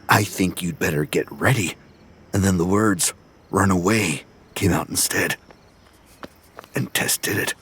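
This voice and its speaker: An actor playing an obsessive, murderous young man who narrates his own thoughts in an audio drama, in a hushed, menacing and unhinged way. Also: extremely low pitch, heavily acted. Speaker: narrating character. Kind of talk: first-person audio drama monologue.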